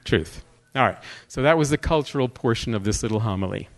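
A male guest speaker preaching a sermon with humor, joking and conversational, telling animated stories. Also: medium pitch, fairly quick.

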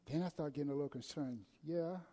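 A man delivering a sermon in a fairly high but mellow voice. He swings from loud, urgent emphasis down to near-hushed passages. A long reverb trails each phrase. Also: animated, moderate pace. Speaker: preacher.

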